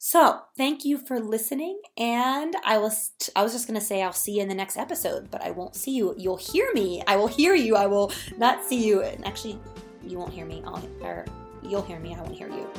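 A woman's voice: medium pitch, animated, brisk, soft background music. Encouraging woman podcast host, unscripted. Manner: warm, encouraging, repeats herself while searching for words. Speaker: podcast host and food coach. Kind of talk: solo podcast talk.

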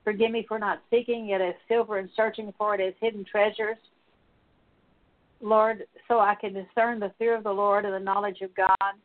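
A woman praying aloud as a minister, leading a spoken prayer of confession as a steady litany of repeated petitions. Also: mid-range voice, normal speed. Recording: tinny phone-like sound.

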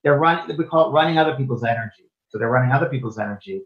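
A man's voice: mid-range voice, animated, rapid-fire. A man being interviewed as a spiritual medium and teacher, talking earnestly and often repeating or restarting his phrases. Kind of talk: casual interview chat. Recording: dull, lo-fi sound.

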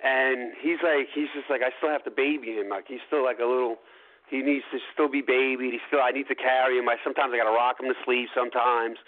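A man in his thirties talks casually as a guest, loose and profane, dropping "yo" constantly. His voice sits at an ordinary middle pitch. The sound comes through a narrow, tinny phone-style line. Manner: profane, slangy, keeps saying "yo". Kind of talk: casual chat.

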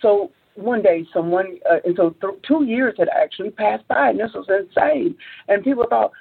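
Sex: woman. Role: entrepreneur guest. Style: animated storytelling, acting out quotes. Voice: very husky. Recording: narrow, phone-like line. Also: normal speed. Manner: acts out quotes, climbs high when excited, many restarts.

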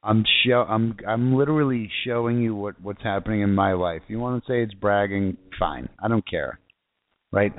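Over a tinny phone line, this South Florida man preaches on internet radio in a voice on the low side at a moderate pace. The sermon is fervent and informal, wandering along with frequent restarts and repeated phrases.

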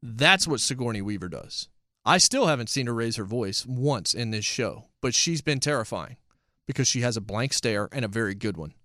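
A man's voice: mid-range voice, animated, moderate pace, pushed and bright, dry recording, studio quality. Emphatic man reviewing TV shows. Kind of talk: casual review commentary.

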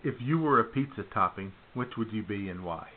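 A man's voice: lowish voice, expressive, a little fast, slight background noise. Upbeat male radio host, tinny sound. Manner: upbeat quiz-style questioning, laughs easily. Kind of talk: casual talk radio banter.

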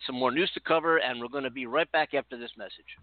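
A man hosting a talk radio show, steady and brisk as he moves the segments along. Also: medium pitch, narrow, tinny audio, very noisy.

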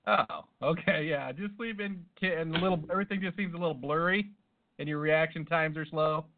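Male co-host, deadpan absurd riffer, somewhat high voice, phone-quality sound. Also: brisk, noisy background. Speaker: podcast co-host. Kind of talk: casual comedic banter.

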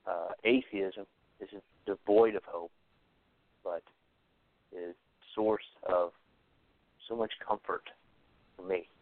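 A low-voiced man with fairly even intonation hosts an atheist commentary show, speaking slowly and pausing often. The monologue is earnest and reflective, delivered solo with frequent hesitations and short repeated phrases, on a dry, tinny recording that sounds like a phone.

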